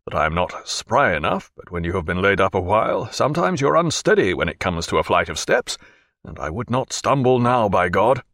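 A man doing a gruff naval captain. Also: fairly low pitch, very animated, fairly quick, fairly bright tone, no echo, studio quality, heavily acted. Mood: commanding. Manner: commanding, blunt, swearing.

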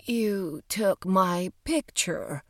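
Uneasy stiff man voiced by a female narrator, robotic flat delivery, slow, dry close audiobook sound. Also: medium pitch, dry recording. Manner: slow, quiet, mechanically level delivery. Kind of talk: audiobook reading.

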